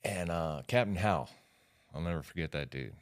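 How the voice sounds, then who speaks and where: A man's voice: deep voice, normal speed, clear, resonant tone. A man in his fifties, a podcast guest, telling stories in a loose, slangy way with lots of fillers. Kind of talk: casual storytelling.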